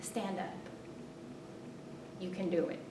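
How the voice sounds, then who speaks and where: A woman voicing an encouraging Hawaiian woman guiding a friend on a paddleboard, coaxing and matter-of-fact, recorded from a distance in a roomy space with a rumble behind. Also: flat delivery, takes it slowly.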